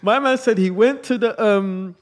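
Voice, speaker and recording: A man's voice: high voice, normal speed. A young man, hosting a podcast and telling a long story in a casual, slang-heavy way. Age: young adult. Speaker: podcast host.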